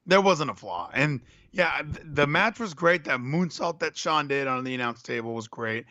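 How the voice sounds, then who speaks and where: A man's voice: a little high, expressive, moderate pace, pushed and bright, no room sound. A man in a casual chat, candid and sentimental, rambling with many restarts. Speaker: podcast co-host.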